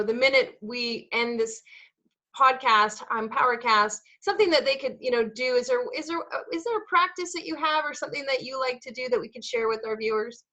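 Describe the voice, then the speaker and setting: High bright woman host, enthusiastic. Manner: enthusiastic, laughs often. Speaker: podcast host. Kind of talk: podcast interview.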